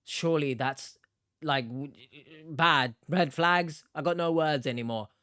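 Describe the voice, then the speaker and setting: Blunt and exasperated, this commentator lectures in a middle-pitched voice. The sound is dry and close, with no room to it. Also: unhurried, a bit bright, no echo. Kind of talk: reaction commentary.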